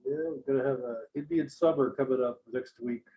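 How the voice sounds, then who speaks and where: A man in casual chat, telling anecdotes in an animated way. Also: medium pitch, a little fast, narrow, tinny audio. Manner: animated storyteller.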